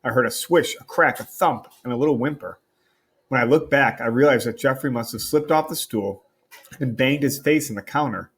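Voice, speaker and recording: A man reading a novel aloud to a class as their teacher, in a wry, conversational storytelling manner with a husky voice. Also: mid-range voice, normal speed.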